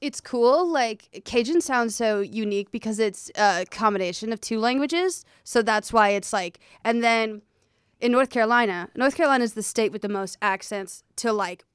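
A woman's voice: on the high side, normal speed, smooth, no room sound, studio quality. An American woman in casual podcast chat, enthusiastic and a little profane. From United States. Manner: casual, enthusiastic, swears lightly.

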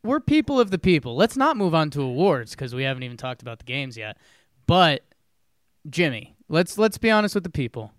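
A man's voice: on the high side, very animated, a little fast, no room sound, studio quality. A man co-hosting a casual sports podcast, wry and mock-earnest, recapping games with puns. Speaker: podcast co-host.

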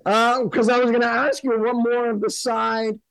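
High-voiced male talk show host. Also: little pitch movement, normal speed, a bit bright, smooth, no echo, poor audio.

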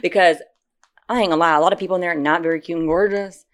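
A woman in casual podcast chat, telling stories loudly and profanely, with sudden shrieks of laughter. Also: on the low side, rapid-fire. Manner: loud animated storytelling, profane, bursts into shrieking laughs. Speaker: podcast co-host.

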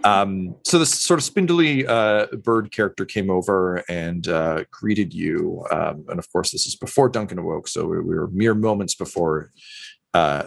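A man's voice: deep voice, creaky, dry recording. A man narrating a tabletop game as game master, hesitant with many "um" and "uh" fillers.

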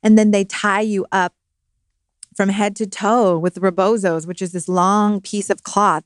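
A woman in her thirties speaks with a smooth, resonant voice in a close, dry studio sound. She tells a personal story earnestly and emotionally, with a spiritual bent. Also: mid-range voice, no echo. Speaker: podcast guest. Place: recording studio.

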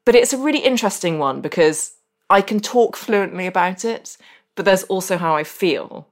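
A woman's voice: medium pitch, lively intonation, moderate pace. A middle-aged woman hosting a podcast, speaking candidly and reflectively in casual interview chat. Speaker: podcast host.

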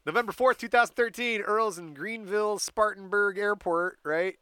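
A man's voice: sits high, normal speed, sharp tone, clean tone, dry recording. A man co-hosting a casual talk show, recounting a story date by date and laughing often. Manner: laughs often while recounting dates and events. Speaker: podcast co-host telling a story. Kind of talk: casual chat.

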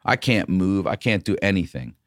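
A man's voice: low-pitched, expressive, moderate pace, no room sound, clean studio sound. A middle-aged male comedian telling a story in casual, profane chat. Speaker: comedian guest.

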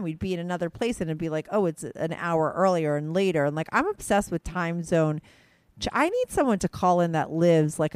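A woman hosting a podcast, rambling excitedly and laughing easily, feeling hyper and giddy. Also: fairly low pitch, clean tone, dry recording. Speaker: podcast host. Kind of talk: casual podcast chat.

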